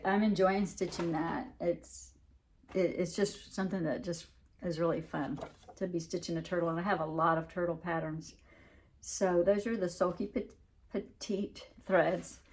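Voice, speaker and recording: A woman's voice: on the low side, darkish tone. A woman with a Southern US accent chatting casually as she shows her stitching projects, rambling with frequent restarts and fillers. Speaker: cross-stitch vlogger. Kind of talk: casual show-and-tell chat.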